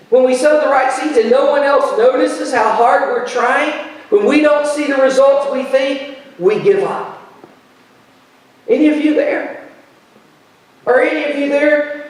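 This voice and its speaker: A male pastor with a strikingly high voice delivers his sermon in an animated, self-mocking way, repeating phrases for effect. His voice rings through a very echoey church sanctuary, picked up from some distance away from the mic.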